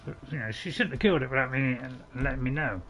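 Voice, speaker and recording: A man's voice: medium pitch, fast talker, a bit bright, slight background noise. A man giving rambling, apologetic let's play commentary as a gaming channel host, chuckling to himself.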